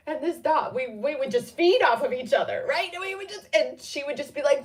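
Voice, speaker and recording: A middle-aged woman hosting a casual card-reading chat, rambling spontaneously with sudden animated bursts. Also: high-pitched, brisk, hardly any pauses, distant mic. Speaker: spiritual card reader and host.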